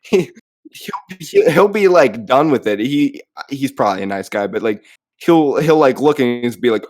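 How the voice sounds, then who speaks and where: A man's voice: a little high, lively intonation, moderate pace, dry recording, clean studio sound. A young man co-hosting a podcast, telling a story in casual chat and laughing often as he jokes. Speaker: podcast co-host.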